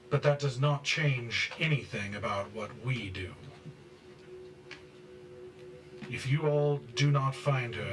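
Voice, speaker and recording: A man voicing a stern, zealous high priest and father who berates people loudly and slowly in a tabletop game. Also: reverberant, recorded from a distance. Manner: loud, slow and berating.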